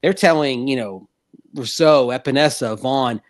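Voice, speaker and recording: Animated male sports radio host. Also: medium pitch, measured pace, no room sound. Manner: animated, rambling with restarts. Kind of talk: sports talk radio chat.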